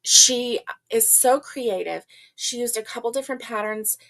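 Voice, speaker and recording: An older woman talks slowly and easily as she hosts a casual live chat. Her voice sits a little high. She laughs often and greets viewers one by one. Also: a bit bright. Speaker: livestream host.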